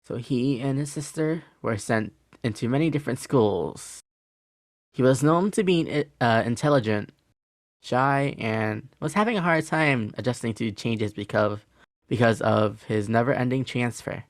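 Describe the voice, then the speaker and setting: A man's voice: medium pitch, unhurried, dry recording. A man co-hosts a podcast, working through a case in casual, hesitant talk full of fillers and restarts. The sound is dry and close, with no room around him. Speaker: podcast co-host. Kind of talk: casual chat, telling a case.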